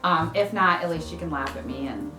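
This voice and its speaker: A woman's voice: deep voice, a little fast, roomy sound, over music. A woman chatting casually about books she read, rambling with fillers and restarts. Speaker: book vlogger. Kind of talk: casual chat.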